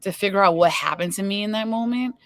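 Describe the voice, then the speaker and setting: A woman's voice: mid-range voice, fast talker, fairly bright tone, no room sound. A woman hosting an online spiritual talk show, telling a personal story in an earnest, chatty way. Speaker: show host. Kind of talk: spiritual interview chat.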